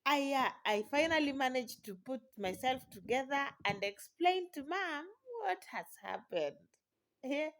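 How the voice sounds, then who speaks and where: A woman's voice: high-pitched, lively intonation, measured pace, a bit bright. A woman, a new mother, telling a personal story in an exclamatory, dramatic way with frequent laughter.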